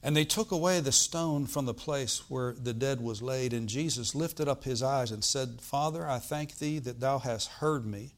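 A man preaching a sermon, reading scripture aloud and explaining it, swinging from loud bursts to quiet asides. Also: medium pitch, normal speed, few pauses. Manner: animated preaching, bursts loud on quoted lines then drops quiet; reads old-style scripture, asides with "all right?".

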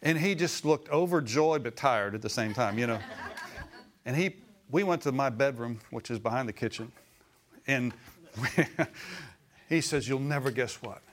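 Middle-aged male preacher, anecdotal sermon delivery, bursts of emphasis, mid-pitched voice. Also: unhurried, pauses often, slight background noise. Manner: storytelling, rising to emphatic exclamations.

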